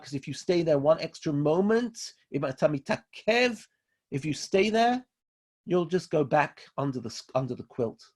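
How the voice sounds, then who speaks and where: A man's voice: fairly high pitch, big pitch swings, measured pace, darkish tone, slightly rough. A man from England, a rabbi giving a Torah lecture in an emphatic way, repeating key phrases to drive them home. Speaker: rabbi teaching a class.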